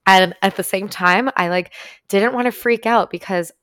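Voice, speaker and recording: A woman's voice: medium pitch, normal speed, fairly bright tone, dry recording, studio quality. A woman casually telling a personal story to her viewers, talking loosely with lots of "like" and frequent swearing. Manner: chatty, heavy use of "like", frequent swearing. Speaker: vlogger.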